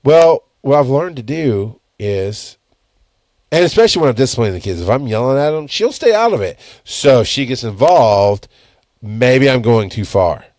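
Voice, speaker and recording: A man's voice: mid-range voice, sing-song, moderate pace, a little mellow, no room sound, studio quality. Blunt, profane man hosting a podcast. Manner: blunt and profane, rambling with self-corrections. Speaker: podcast host. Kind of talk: casual solo podcast monologue. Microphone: headphones and studio mic.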